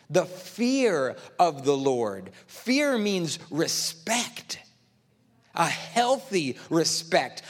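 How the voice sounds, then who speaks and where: High-voiced preaching man in reverb. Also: a bit bright. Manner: emphatic storytelling, quoting himself. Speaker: pastor. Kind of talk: sermon.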